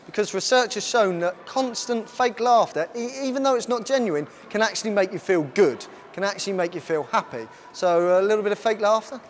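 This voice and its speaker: A man presenting a live science show on stage, energetically bossing volunteers around and shouting instructions. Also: high voice, brisk, few pauses, a little hiss or hum. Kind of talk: lively live science demonstration.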